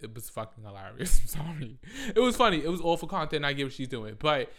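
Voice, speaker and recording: A man ranting about pop culture in a vlog, swearing often and bursting into loud outrage. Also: on the high side, sing-song, fast talker. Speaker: vlogger. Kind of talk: profane pop-culture rant.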